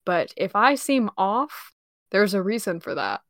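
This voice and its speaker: A woman's voice: mid-range voice, big pitch swings, measured pace, vocal fry, a bit bright, dry recording, clean studio sound. A woman co-hosting a podcast while sick, trading teasing jokes in casual chat. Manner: teasing, joking banter. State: sick with a cold. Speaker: podcast co-host.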